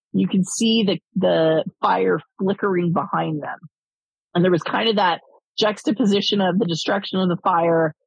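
A woman's voice: fairly low pitch, vocal fry, husky, no echo, dull audio. A woman co-hosting a casual film-review chat, rambling and swearing, with lots of fillers. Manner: rambling, profane, many fillers.

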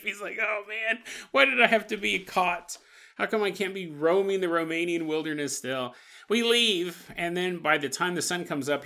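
A male podcast host riffs in a loose, comedic monologue, laughing as he goes. His pitch swoops all over, and his tone is bright and forward. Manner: animated, laughs often, acts out silly voices.

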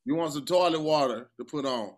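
A man co-hosting a casual podcast chat, joking around with loud outbursts. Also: fairly high pitch, fairly quick. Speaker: podcast co-host.

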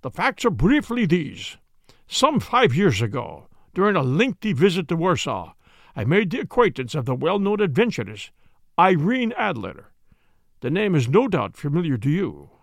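A man's voice: on the high side, big pitch swings, normal speed, creaky, no echo, studio quality, exaggerated voice. A man reading the part of a proud foreign king who speaks formally. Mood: earnest. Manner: formal, stately speech. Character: proud, agitated foreign king, tall and grand.

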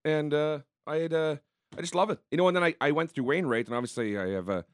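A man's voice: on the high side, fast talker, dry recording. A man chatting as a hockey analyst guest in a radio studio, talking casually, laughing often and filling with "you know". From Canada. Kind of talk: casual radio chat, storytelling.

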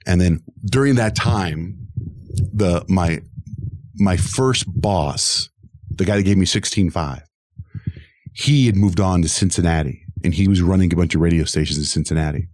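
A man's voice: low voice, normal speed, dry recording, studio quality. A middle-aged man, a radio host, telling his career story in an interview and acting out the voices of the people in it. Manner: animated, acts out quoted voices.

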